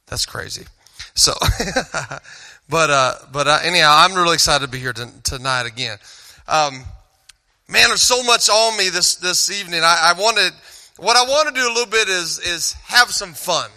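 A man's voice: on the high side, animated, normal speed, pushed and bright, in a large hall. A man with a Texan accent talking to a church crowd in a loose, rambling and joking way, stopping himself mid-sentence. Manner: rambling, joking, self-interrupting. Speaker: Christian cowboy singer and speaker. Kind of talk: casual stage talk at a church event.

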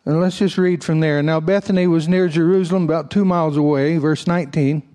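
A man's voice: fairly high pitch, steady tone, fairly quick, mellow. A male pastor preaching a sermon, reading scripture aloud and breaking off for folksy asides to his congregation. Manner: raises his voice for emphatic passages.

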